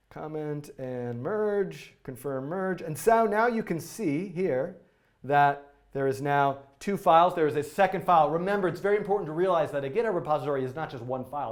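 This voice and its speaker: Excitable rambling man live-streaming code. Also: a little high. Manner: excitable, rambling, many fillers and restarts. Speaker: coding tutorial host. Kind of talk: live-stream coding tutorial. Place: indoor studio.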